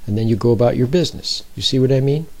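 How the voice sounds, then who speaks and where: A man's voice: mid-range voice, very fast, vocal fry, dark tone, low-quality recording. A man giving an informal, conversational sermon, often checking in with his listeners. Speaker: speaker giving a Bible talk.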